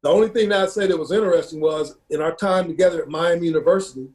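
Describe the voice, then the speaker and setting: A man, a football coach from Ohio, telling a personal story in an earnest, halting way, with many fillers and repeated words. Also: a little high, a little mellow.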